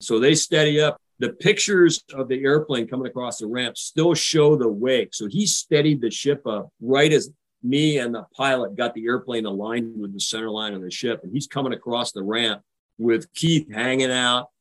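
An older American man, a retired naval officer, recounts a tense carrier landing in a vivid, animated way during a podcast interview. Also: mid-range voice, normal speed, poor audio. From United States. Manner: vivid, animated retelling, acting out radio calls. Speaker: guest.

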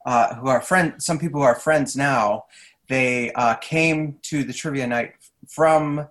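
A man in his thirties, a podcast guest chatting casually in his early-morning voice, hesitant and quick to laugh. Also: mid-range voice, fairly bright tone. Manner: hesitant, laughs often, many restarts. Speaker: podcast guest, trivia host. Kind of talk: casual chat.

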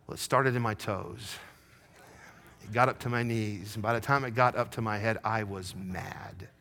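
A middle-aged man preaching a sermon, telling a personal story, moving from hushed confession to rising fervor. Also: on the low side, steady tone, moderate pace. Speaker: pastor.

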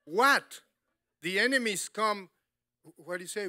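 A man preaches with a high, bright voice. He keeps an unhurried pace, speaks in animated, broken English and laughs often. The sound is dry and close, with little room around it. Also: no room sound. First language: Spanish. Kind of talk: sermon.

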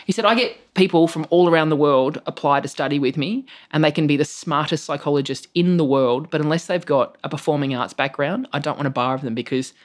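Australian comic guest, animated storyteller, swears a lot, voice leaps high on quoted lines. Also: brisk, hardly any pauses. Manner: animated, swears freely, jumps into high-pitched acted quotes. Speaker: stand-up comedian, guest. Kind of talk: casual storytelling in conversation.

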